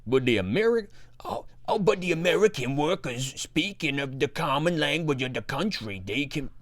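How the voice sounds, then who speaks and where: A man voicing a male communist pamphleteer with a put-on Russian accent, declaiming in a halting, stumbling way. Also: a little high, lively intonation, no room sound, pitched above the performer's own voice, natural voice.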